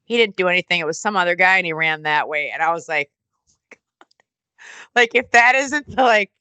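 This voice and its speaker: A middle-aged woman telling stories in a casual interview, animated and swearing, acting out quotes in other voices. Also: moderate pace, clear, resonant tone, no room sound, rough recording. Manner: animated, swearing, acts out quotes with big pitch jumps. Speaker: interview guest, former wrestling announcer and musician. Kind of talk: casual storytelling.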